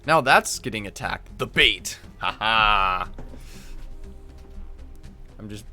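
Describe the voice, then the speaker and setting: A man's voice: on the low side, lively intonation, moderate pace, sharp tone, soft background music. Man streaming a card game, thinking aloud. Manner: thinks aloud, reads card text, self-correcting. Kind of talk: live gameplay commentary.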